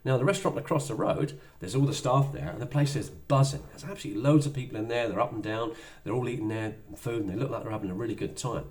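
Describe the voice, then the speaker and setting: Middle-aged guy doing a chatty motivational sales talk, ordinary pitch, acts out bits of dialogue. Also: fast talker, hardly any pauses, a little mellow. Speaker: business trainer.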